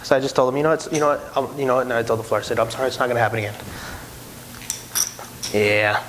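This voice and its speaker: A man who used to be a casino dealer tells stories in a casual chat, animated and acting out the people in them. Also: mid-range voice, quick pace, slight background noise, poor audio. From Hispanic heritage, no country given. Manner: animated, acts out voices in his stories, many restarts. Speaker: podcast co-host, former casino dealer.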